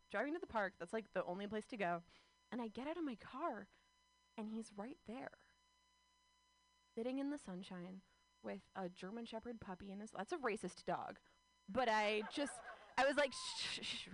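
A woman's voice: medium pitch, low-quality recording. A woman in her thirties telling a rambling, self-mocking stand-up story, full of fillers like "like.". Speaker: stand-up comedian.

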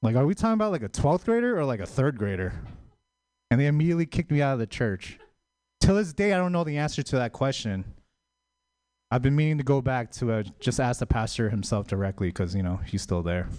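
A man wraps up a stand-up bit, telling his story with a lively, bouncing pitch. The sound is close and dry, with no room around it. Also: brisk, no echo. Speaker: stand-up comedian. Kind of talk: stand-up set.

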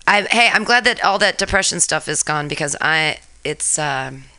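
Bright, dry-sounding woman chatting. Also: low voice, animated, moderate pace, clear, resonant tone, dry recording. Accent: non-native English accent. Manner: profane, teasing, jumps to a shriek when retelling. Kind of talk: casual chat.

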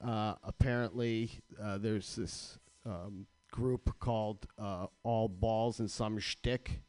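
A man's voice: lowish voice, fairly even intonation, slow pace, a little mellow, no echo, faint music behind. A man hosting a radio show, ranting with crude, sarcastic comedy in a studio.

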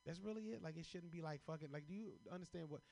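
A young man from Chicago performs stand-up, riffing on prompts pulled from a hat. His delivery is loose and profane, full of animated storytelling, and he keeps laughing at his own jokes. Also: on the high side, rapid-fire, vocal fry. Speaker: stand-up comedian.

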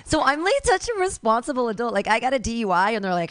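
Woman in her fifties, stand-up comic, rambling, self-mocking, fairly high voice, dry sound. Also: expressive, brisk, no room sound. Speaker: stand-up comedian. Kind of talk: stand-up comedy set.

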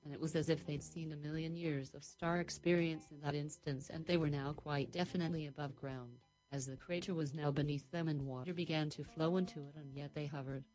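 Low-voiced woman telling a rambling story. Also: steady tone, a little fast, hardly any pauses, darkish tone, faint music behind, poor audio. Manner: rambling, dreamy, run-on sentences. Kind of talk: improvised story narration.

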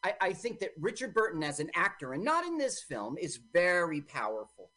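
A woman co-hosting a radio show, bantering playfully about a movie, jokey and quick to interrupt. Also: on the low side, sing-song, a bit bright. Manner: joking, quick to interrupt and argue. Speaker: radio co-host. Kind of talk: casual banter while watching a movie. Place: radio studio.

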